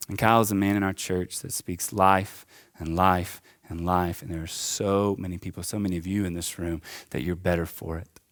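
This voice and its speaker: Man, young pastor, low voice, fervent sermon delivery, casual asides. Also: steady tone, moderate pace. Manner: impassioned, rising and falling preaching with casual asides. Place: church auditorium.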